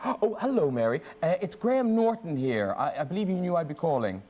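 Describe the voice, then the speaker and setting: A man's voice: on the high side, big pitch swings, brisk, mellow. Teasing man hosting a chat show. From Ireland. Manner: teasing, laughing often. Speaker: talk show host. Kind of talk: playful chat show banter. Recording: studio audience and noise.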